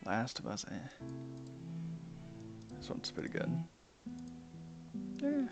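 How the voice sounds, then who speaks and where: Swearing man with a gravelly voice. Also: mid-range voice, wildly swooping pitch, slow pace. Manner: mumbling, swears a lot, drops into whispers. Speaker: gaming streamer. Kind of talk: casual commentary while playing a game. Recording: music playing behind the voice. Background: piano music.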